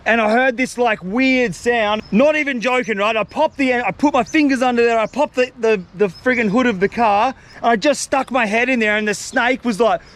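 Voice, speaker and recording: Chatty guy, higher voice. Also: moderate pace, hardly any pauses. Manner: reassuring, chatty, excitable. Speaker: vlogger. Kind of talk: casual vlog talk to camera and on the phone. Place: outdoors in the outback.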